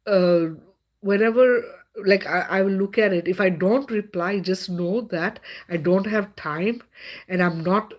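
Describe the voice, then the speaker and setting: A woman's voice: mid-range voice, unhurried, darkish tone. A middle-aged woman hosting a live stream in a casual, chatty way, with many fillers and frequent laughter.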